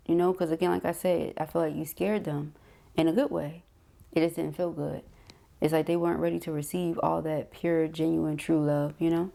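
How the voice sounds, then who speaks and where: A woman's voice: low voice, creaky, warm tone. A woman giving a casual spoken tarot reading, chatty and emphatic, repeating phrases and talking straight to her viewers. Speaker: tarot reader.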